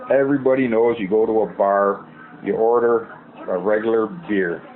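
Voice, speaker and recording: A man's voice: lowish voice, moderate pace. A man from Milwaukee giving a blunt, mocking comedic rant. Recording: tinny phone-like audio.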